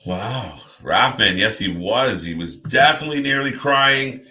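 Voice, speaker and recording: A man's voice: medium pitch, expressive, measured pace, bright, forceful tone. A man hosting a live watch party, chatting casually and talking to viewers by name as he reacts.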